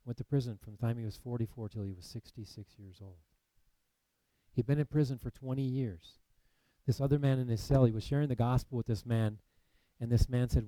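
Preacher, male, mellow dry voice, animated storyteller who drops to a hush. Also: mid-range voice, brisk, no echo, poor audio. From United States. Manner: animated storytelling, acts out quoted voices, then hushed and solemn. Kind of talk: sermon storytelling.

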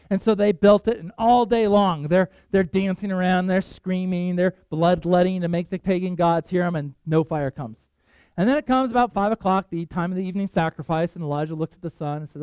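A male pastor preaching a sermon, telling Bible stories with animated voices for the characters. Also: fairly quick, clean tone, dry recording. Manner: animated storytelling, voices Bible figures, pitch jumps for excitement.

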